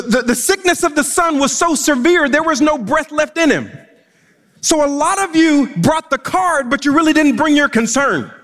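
A man's voice: extremely high pitch, a bit bright, long reverb tail. A man preaching a sermon from a church stage, impassioned, repeating words as he presses his points. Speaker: pastor.

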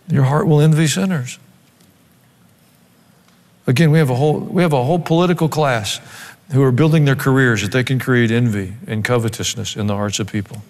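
A male pastor delivering a sermon, moving between scripture reading and wry, joking asides. His voice sits a touch high for a man. It rings out with a long reverb, as in a large church sanctuary. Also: normal speed. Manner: animated preaching with dry joking asides.

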